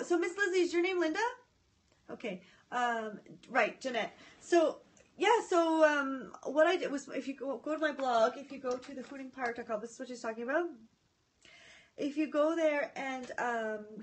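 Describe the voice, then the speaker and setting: High-voiced chatty woman livestreaming. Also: normal speed. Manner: chatty and scattered, greeting viewers by name; excitable, often breaks off mid-sentence. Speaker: livestream host reading viewer comments. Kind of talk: casual live chat. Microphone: phone or tablet.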